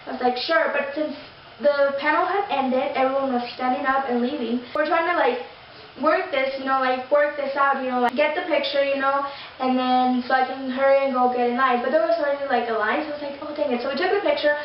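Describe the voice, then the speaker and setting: A woman's voice: high-pitched, steady tone, brisk. A young woman vlogger rambling through a story, gushing and full of fillers and restarts. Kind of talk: casual storytelling to camera. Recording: very echoey, distant, dull lo-fi sound with faint noise.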